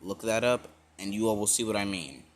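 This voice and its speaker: A man's voice: on the low side, brisk. A man casually retelling a fan-made story, rambling with many fillers and self-corrections.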